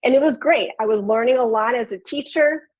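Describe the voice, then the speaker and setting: Woman, 30s, Chicago accent, nasal, bright and a bit high, presenting over muffled web-call audio. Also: a little fast. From Chicago, USA. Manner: upbeat, conversational, addresses audience directly. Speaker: podcast producer and flutist presenter. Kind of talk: webinar presentation.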